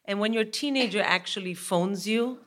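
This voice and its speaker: A woman in her forties, a comedian guest, telling an animated comic anecdote with laughter in her voice on a live podcast. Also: medium pitch, normal speed.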